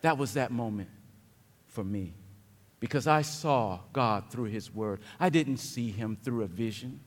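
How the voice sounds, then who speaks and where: A man preaching a sermon as pastor, dropping to quiet reflection and then building to loud, emphatic declarations. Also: mid-range voice, unhurried. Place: church sanctuary. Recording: long hall reverb.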